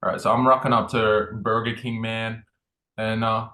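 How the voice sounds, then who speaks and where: A man's voice: on the low side, level tone, normal speed, pushed and bright. A man with an Australian accent co-hosting a podcast, upbeat and laughing often. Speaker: podcast co-host. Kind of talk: casual podcast chat.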